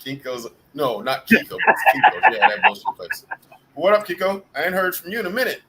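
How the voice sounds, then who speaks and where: A man's voice: a little high, sing-song, brisk, pushed and bright, rough recording. A man hosting a live group video call, telling rambling, profane stories with bursts of laughter. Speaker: host of a live group chat. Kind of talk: casual storytelling chat.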